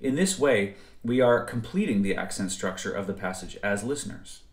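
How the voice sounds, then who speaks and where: A man narrating a scripted music theory lecture in a measured, precise way. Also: lowish voice, lively intonation. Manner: measured, precise explanatory delivery. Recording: roomy echo.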